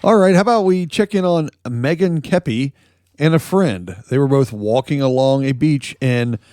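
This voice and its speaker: A man co-hosting a comedy news podcast speaks at medium pitch and a moderate pace, his tone warm. The studio sound is clean with no echo as he rambles through joking stories and laughs in casual comedic news chat.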